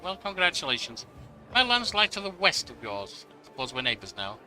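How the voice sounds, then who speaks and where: A man's voice: a little high, very animated, fairly quick, bright, forceful tone, faint music behind, exaggerated voice. A man reading an arrogant nobleman's lines aloud in a haughty, offhand manner. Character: arrogant, bored young male baron.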